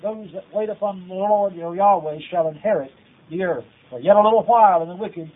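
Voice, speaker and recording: Man preacher, high voice, earnest exhortation, tinny phone-like tape. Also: fairly quick. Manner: earnest, exhortative, repetitive phrasing. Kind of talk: taped sermon.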